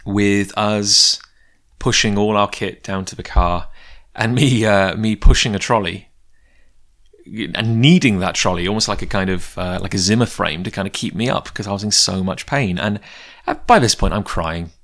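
A man with a very low, deep voice tells a long personal story in a loose, casual way. He wanders off on tangents and pokes fun at himself as he talks about his comics work. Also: moderate pace, a bit bright. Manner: rambling, goes off on tangents. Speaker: comic book creator.

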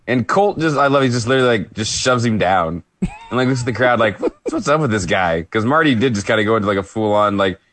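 A man co-hosting a podcast, giving a relaxed play-by-play recap of a wrestling match with light laughs. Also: medium pitch, fast. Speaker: podcast co-host.

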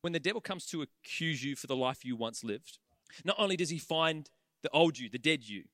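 A man preaching a sermon in church, animated and conversational, acting out the voices of the people he talks about. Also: a little high, brisk, dry recording, clean studio sound.

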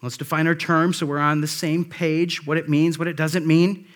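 A man's voice: a little high, flat delivery, normal speed. A male pastor delivering a conversational sermon, with frequent asides and restarts.

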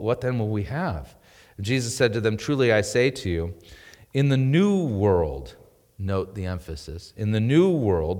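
Male pastor preaching emphatically, lower voice, long hall reverb. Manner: emphatic preaching with rising and falling intensity. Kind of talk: sermon. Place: church.

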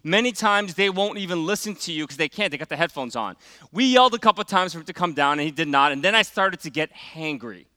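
A middle-aged man preaches in a relaxed storytelling style, full of small fillers and quiet drops for emphasis. His voice is a little high for a man, bright and smooth. The sound is close and dry. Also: quick pace, no echo. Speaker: pastor. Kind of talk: sermon with personal story.

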